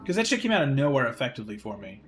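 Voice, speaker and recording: A man's voice: medium pitch, sing-song, rapid-fire, soft background music. A man streaming a game live, talking casually in a profane, ranting and exasperated way. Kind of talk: casual livestream chat while gaming.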